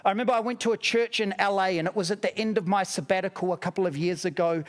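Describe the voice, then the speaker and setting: New Zealand male pastor, high light voice, chatty sermon storyteller with self-mocking humor. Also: steady tone, fast talker, hardly any pauses. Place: church auditorium.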